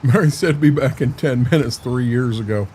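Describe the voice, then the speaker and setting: A man's voice: mid-range voice, moderate pace, mellow, a little hiss or hum. A man chatting casually on a livestream while playing a farming game, rambling in a folksy way to his viewers and his dog.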